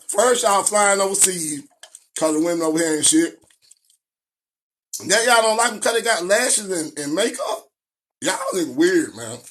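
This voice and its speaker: A man's voice: high-pitched, a bit bright. A middle-aged man, ranting in a preachy and profane live-stream monologue that breaks into sing-song.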